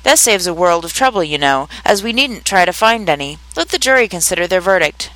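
Woman narrator as a pompous, emphatic king with a bright, dry voice. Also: on the low side, animated, a little fast, no echo, poor audio. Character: fussy, pompous male king.

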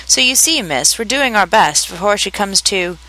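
A reader voicing a humble, anxious gardener who explains himself in a low, nervous voice. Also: animated, moderate pace, bright, forceful tone, rough recording.

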